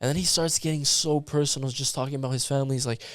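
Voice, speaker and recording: A man from Canada, a musician guest, telling a story in casual chat, animated and full of "like". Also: medium pitch, racing, dry recording. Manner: animated, filler-heavy with lots of "like".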